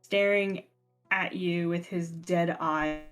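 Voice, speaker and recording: Slow-paced woman game master. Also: fairly low pitch, steady tone, faint music behind. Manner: slow, deliberate descriptive narration. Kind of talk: narrating a horror tabletop game.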